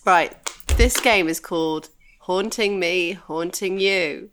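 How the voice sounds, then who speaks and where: A woman hosting a casual chat and running a game, playful and quick to laugh. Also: lowish voice, a bit bright, soft background music. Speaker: podcast host running a game.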